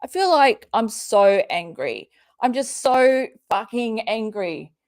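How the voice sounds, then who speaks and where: A woman's voice: fairly high pitch, animated, slow pace. A woman hosting a live commentary stream, reading out tweets and ranting back at them with angry, sweary sarcasm. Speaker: commentary channel host.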